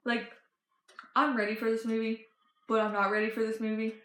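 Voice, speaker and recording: Teen girl fan vlogger, excited gushing chatter, slightly high voice, roomy echo. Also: brisk. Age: teens. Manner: gushing, breathless storytelling with many fillers and restarts. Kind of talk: excited casual chat.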